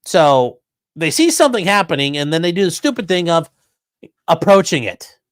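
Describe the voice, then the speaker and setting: A podcast host with a fairly high voice comments on news clips at a moderate pace, and there's no echo. His take is sarcastic and profane, full of animated mockery.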